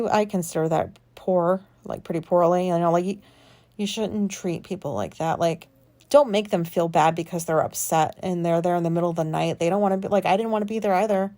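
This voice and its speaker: A woman vlogger, an adult with a fairly low, slightly mellow voice, tells a personal story in rambling, casual talk, filling gaps with filler words and swearing freely.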